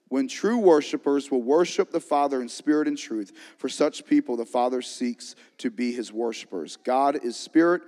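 A man preaching a sermon as a pastor, energetic, with call-and-response lines to the congregation. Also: medium pitch. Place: church sanctuary. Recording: long reverb of a large hall.

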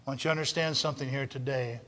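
A man's voice: steady tone, very fast. Fiery preacher man in a reverberant hall. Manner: preaching with emphatic repetition, swinging from loud shouts to low intensity. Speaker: pastor. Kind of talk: sermon.

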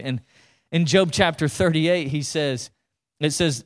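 Animated preaching man, fairly high voice. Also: unhurried. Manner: animated, colloquial preaching with rhetorical questions. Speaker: pastor. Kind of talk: sermon.

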